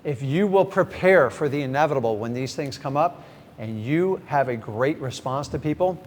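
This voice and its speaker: A middle-aged man, a real estate coach, teaching a live seminar with energy and speaking straight to the audience. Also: moderate pace. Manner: energetic, talks straight to the crowd. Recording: reverberant hall, faint rumble.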